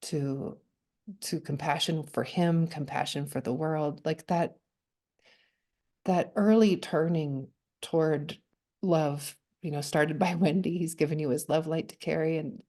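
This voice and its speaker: A woman guest poet speaks in a thoughtful, halting way, often pausing to restart a phrase and letting soft laughs slip in. Her voice sits a little low and sounds mellow and warm. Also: steady tone. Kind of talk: reflective conversation.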